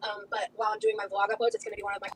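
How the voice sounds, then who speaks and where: Very fast-talking woman livestreamer. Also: mid-range voice, flat delivery, breathy edge, far from the mic. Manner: rapid, talks over others, repeats words. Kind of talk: casual live-stream chat.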